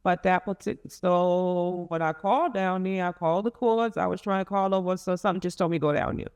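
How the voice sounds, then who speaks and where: A woman's voice: on the low side, a little mellow, clean tone. Emotional middle-aged woman telling her story. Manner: rambling, halting storytelling with many restarts; emotional, rising and falling with feeling. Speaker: interviewee, mother of a convicted son. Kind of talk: emotional personal account in an interview.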